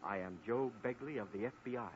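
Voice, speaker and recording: An actor playing a steady federal agent who gives firm, urgent orders, in 1940s radio acting. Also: male voice, medium pitch, fast, lightly acted. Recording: dull old radio recording, faint hiss.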